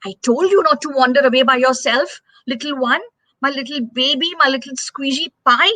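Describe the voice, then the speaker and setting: A woman's voice: high-pitched, moderate pace, pushed and bright, no room sound. A woman voicing a doting mother leopard in a children's story, fondly scolding her cub.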